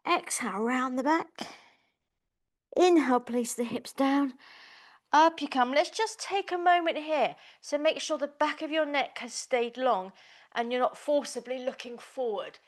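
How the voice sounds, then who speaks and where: A woman's voice: sits high, measured pace. A woman teaching a small Pilates class, giving encouraging, chatty cues. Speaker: pilates instructor. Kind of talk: live class instruction.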